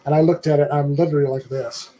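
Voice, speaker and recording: An older man, a guest on a live stream, chatting casually and telling an animated story, acting out the voices of the people in it. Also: a little high, fast talker, a little hiss or hum, low-quality recording.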